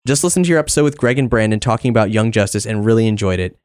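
A man's voice: on the low side, rapid-fire, a little mellow. A man hosting a podcast, casually and upbeatly reading out supporter news, names and messages. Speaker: podcast host.

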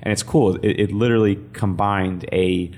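A man's voice: sits low, fairly even intonation, moderate pace, darkish tone. A man co-hosting a casual gaming chat, describing gameplay he tried. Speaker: podcast co-host.

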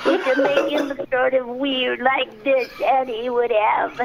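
A man's voice: very high-pitched, flat delivery, slow pace, gravelly, dull audio, over a noisy crowd, pitched above the performer's own voice, full character voice. A man voicing a timid, childlike young male dwarf with a nervous, fretful whine. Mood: scared.

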